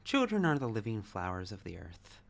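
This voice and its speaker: A man voicing a stern, clinical doctor hunting for a lost child, speaking slowly and with condescension. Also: lowish voice, huge pitch swings, creaky, voice pushed down, heavily acted. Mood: probing. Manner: clinical, condescending, slow and deliberate. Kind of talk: voicing game dialogue with friends.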